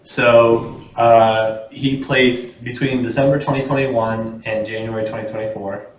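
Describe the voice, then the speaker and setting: A man's voice: medium pitch, fairly even intonation, measured pace, a little hiss or hum. A man co-hosting a podcast in casual chat, telling stories in a laid-back way. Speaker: podcast co-host. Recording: roomy, distant, muffled podcast audio.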